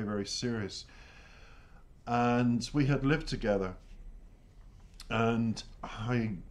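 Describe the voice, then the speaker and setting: A middle-aged Irish man hosting a music reaction channel, talking in a halting, emotional way with sighs as he tells a personal story. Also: on the low side, darkish tone. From Ireland. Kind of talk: reflective reaction commentary.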